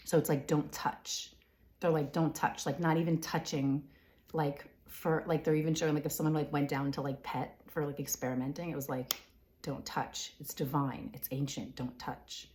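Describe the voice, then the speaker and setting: Woman, deep low voice, unhurried, halting repeated phrases, whispers questions to herself, clears throat often. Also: darkish tone, slight background noise. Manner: frequent fillers and throat-clearing. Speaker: intuitive reader. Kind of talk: live spiritual reading, relaying impressions.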